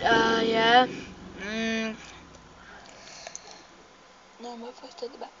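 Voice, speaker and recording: A young woman with a Filipino accent commenting on a game she is playing, excitable and jumpy, jumping between loud panicked cries and low mutters. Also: drawn-out words, long pauses. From Philippines. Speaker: gamer. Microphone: phone mic. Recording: dull lo-fi phone recording with faint noise.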